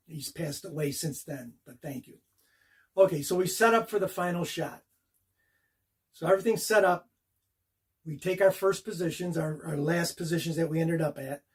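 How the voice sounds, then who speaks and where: With a husky, somewhat high voice, an older actor looks into the camera and casually relates an episode from his career. He animates every step of the action, acting out the scene beat by beat while keeping the mood relaxed and personal.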